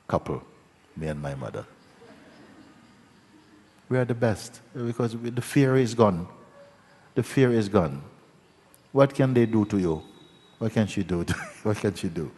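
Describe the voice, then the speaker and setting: Spiritual teacher, male, deep husky voice, meandering storyteller, long hall reverb. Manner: gentle storytelling with many restarts and tag questions. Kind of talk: satsang talk.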